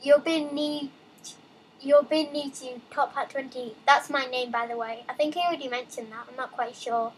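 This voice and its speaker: A young woman with a high voice chats through a let's play, reading game dialogue aloud and breaking off into excited asides. She talks casually and a bit rambling. A faint hum of ambience sits behind her. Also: normal speed, poor audio.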